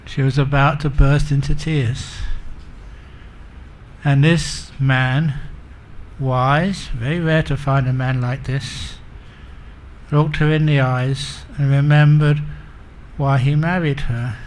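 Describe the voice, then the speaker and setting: A man's voice: mid-range voice, fairly even intonation, takes it slowly, pauses often, slight background noise. A man giving a Buddhist dharma talk, telling humorous stories and chuckling at his own jokes. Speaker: Buddhist monk teacher.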